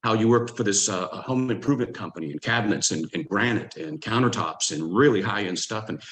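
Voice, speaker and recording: A man from Louisiana, hosting a team call in a relaxed way, with many fillers and restarts. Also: lowish voice, a little fast, rough recording. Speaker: host.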